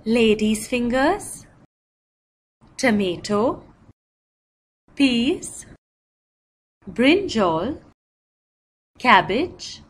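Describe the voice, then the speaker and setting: Slow, lively woman teaching small children. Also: on the high side, breathy edge. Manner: names each item slowly and distinctly, imitates animal cries playfully. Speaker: narrator of a children's learning video. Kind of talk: slow, clear teaching narration for young children.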